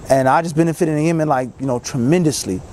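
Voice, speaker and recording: A man, an Islamic teacher, telling a personal story in a casual, animated way and acting out other people's lines. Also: a little high, quick pace, slight background noise. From United States. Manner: casual, many fillers like "you know".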